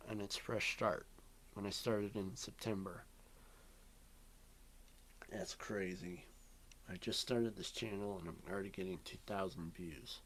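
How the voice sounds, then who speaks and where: A man's voice: low voice, fairly even intonation, a little slow, pauses often, a bit bright, slight background noise. Rambling young man in a bedroom vlog. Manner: rambling, drifting, many ums and yawns. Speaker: vlogger. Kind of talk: rambling casual vlog chat. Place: bedroom at home.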